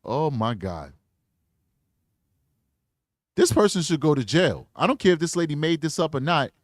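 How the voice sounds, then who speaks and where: Slangy guy doing true crime commentary, bit high voice, blunt, super dry sound. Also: very animated, moderate pace, no echo. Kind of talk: casual commentary reading screenshots.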